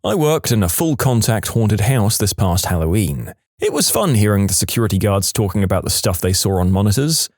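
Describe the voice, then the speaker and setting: A man's voice: lowish voice, sing-song, a little fast, hardly any pauses, darkish tone, no echo. A man narrating a series of short workplace stories in a scripted voice-over, adding his own dry asides between them.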